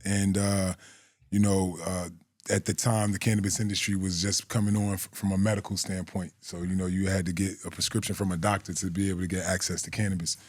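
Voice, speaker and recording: A man's voice: low-pitched, little pitch movement, a little fast, no echo, clean studio sound. A man in his forties, a guest telling stories in a loose, profane way and laughing through them. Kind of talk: casual storytelling.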